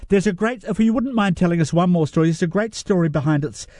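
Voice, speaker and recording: A man's voice: high voice, quick pace, darkish tone, no room sound, clean studio sound. A man from New Zealand interviewing a guest, asking long, polite questions. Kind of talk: broadcast interview.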